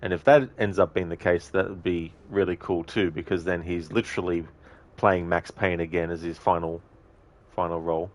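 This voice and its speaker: A man's voice: low-pitched, fairly even intonation, moderate pace. A male streamer making casual commentary while gaming, rambling and thinking aloud.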